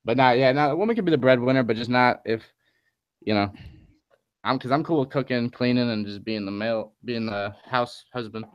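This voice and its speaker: A young man co-hosting a podcast, telling animated stories in casual chat. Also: mid-range voice, a little fast, clean tone, no echo, dull audio. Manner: animated storyteller, acts out quotes. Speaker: podcast co-host.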